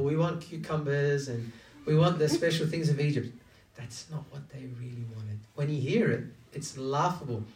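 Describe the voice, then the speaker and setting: A man preaching a conversational sermon who keeps asking his listeners questions. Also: fairly high pitch. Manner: engaging, asks the audience many rhetorical questions. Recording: echoey room, distant from mic.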